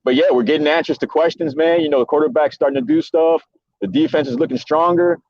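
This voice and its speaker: A man's voice: on the high side, fast, no echo, dull audio. A man talking as a guest on a casual sports podcast, rambling and circling back with lots of fillers.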